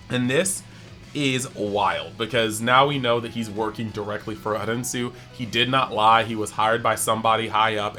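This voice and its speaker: A man talks through an anime episode in a loose, chatty way, filling his sentences with "like." His voice is bright and forward. He slips into short acted quotes of the characters as he recaps, with faint music underneath. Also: lowish voice. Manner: animated, acts out characters' lines in quick bits; chatty, heavy use of "like". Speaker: anime review channel host. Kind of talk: casual episode breakdown.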